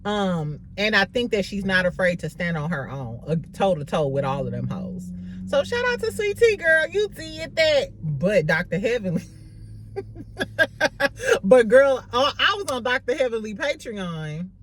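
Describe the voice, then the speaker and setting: A woman talks through a reality show episode in loose, profane, gossipy chat. Her pitch swings widely, jumping up and down as she tells the story, though it sits in a middle range overall. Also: very animated, moderate pace, slight background noise. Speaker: reality TV recap host. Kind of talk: casual reality show recap.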